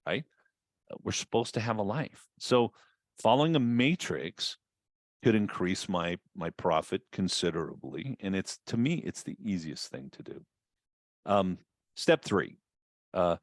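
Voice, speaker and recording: A man's voice: low voice, dry recording. A man giving a conversational webinar talk on running an auto repair business, with fillers and restarts.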